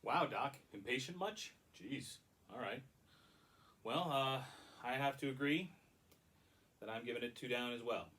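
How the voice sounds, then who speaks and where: A man's voice: mid-range voice, a little slow, long pauses, a bit bright, distant mic, rough recording. A man giving a casual, rambling and critical movie review with frequent restarts.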